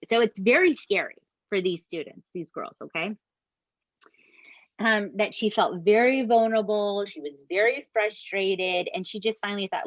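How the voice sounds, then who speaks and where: A woman, co-hosting a podcast and retelling a true crime story in an animated, casual way that includes swearing. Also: mid-range voice, moderate pace, no room sound, dull audio. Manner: animated, swears, addresses listeners as "you guys". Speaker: podcast co-host.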